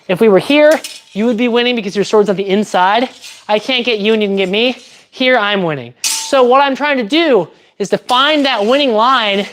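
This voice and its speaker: A woman's voice: fairly high pitch, a little hiss or hum. Chatty woman explaining fencing technique. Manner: chatty, thinks aloud, explains technique step by step. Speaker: fencer streaming her training. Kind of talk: casual livestream chat while training.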